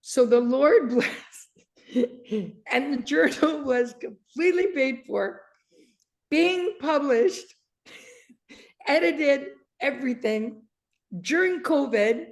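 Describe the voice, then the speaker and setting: A Canadian woman in her sixties, a guest author in an interview, tells an animated story, laughing often and acting out the quoted dialogue. Her voice sits high, she draws out her words, and she pauses frequently.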